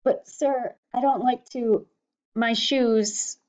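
A woman's voice: on the high side, fairly even intonation, takes it slowly, a little mellow, voice pushed up. A woman reading the part of a poor young boy who speaks nervously and politely, often stammering. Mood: earnest. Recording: slightly dull lo-fi recording.

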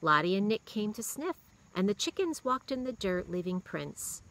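A woman reading a children's novel aloud in a steady, expressive way. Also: mid-range voice, normal speed, rough recording. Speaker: reader.

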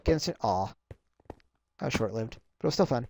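A man riffs through his gameplay in a rambling way, his pitch jumping around as he reacts with mild exclamations. He records at home on a desktop mic. Steady hiss and the click of a mouse sit under his voice. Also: a little fast. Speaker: gaming channel host. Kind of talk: live gameplay commentary.

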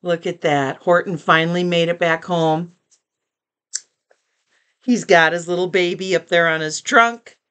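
An older woman reading a children's picture book aloud with gentle, chatty asides to young listeners. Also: on the low side, fairly even intonation, unhurried, pauses often, clear, resonant tone. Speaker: storybook reader.

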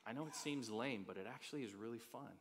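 A man's voice: mid-range voice, quick pace. A man preaching a sermon as pastor, casual and joking in a conversational way. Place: church auditorium. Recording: reverberant hall.

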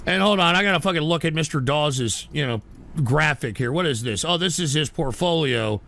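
A man hosting a livestream, short-tempered, swearing and shouting at his viewers. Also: on the high side, animated, moderate pace, creaky. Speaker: livestream host. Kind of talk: ranting livestream talk.

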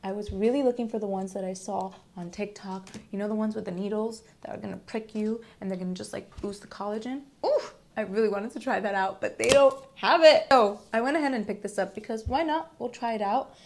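A woman's voice: mid-range voice, fairly quick, creaky. A young woman vlogging to camera, chatting with enthusiasm about beauty products and talking to her viewers as guys. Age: young adult.

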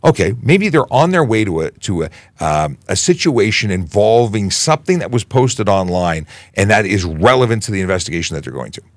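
A man with a low voice from Canada, a police officer hosting a casual livestream Q&A. He talks in a chatty, animated way, with a very lively pitch, doubling back on his words. The sound is dry and close to the mic. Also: brisk, no echo. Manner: conversational, animated, many restarts and asides.

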